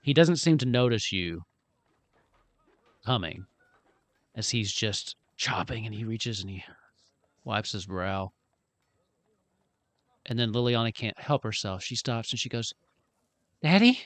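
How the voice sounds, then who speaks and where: A man's voice: lowish voice, a little slow, long pauses, no room sound. A man narrating a tabletop game as game master, describing scenes in a loose, rambling way. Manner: relaxed, rambling descriptions with fillers.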